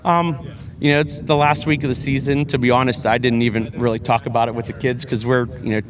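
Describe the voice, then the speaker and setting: A man, a high school football head coach, talking earnestly in a sports interview, often repeating words and restarting with fillers. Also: steady tone, a little fast, crowd noise.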